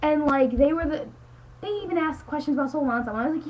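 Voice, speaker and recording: A woman's voice: high-pitched, steady tone, fast, highs cut off. A teenage girl ranting into her webcam at home, rambling and exasperated, saying "like" constantly. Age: teens. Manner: exasperated, rambling, heavy use of "like". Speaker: high school student vlogger.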